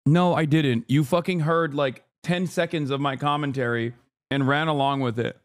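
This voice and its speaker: A man's voice: a little high, steady tone, normal speed. A male streamer giving heated, profane, sarcastic commentary and arguing with his chat. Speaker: streamer reacting to a video.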